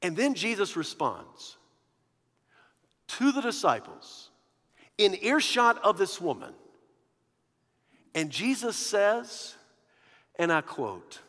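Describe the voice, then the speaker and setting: A man preaching a sermon, animated, shifting from hushed to loud. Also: high-pitched, slow, long pauses. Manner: animated, swinging from hushed to loud with quoted voices. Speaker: pastor. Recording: long hall reverb.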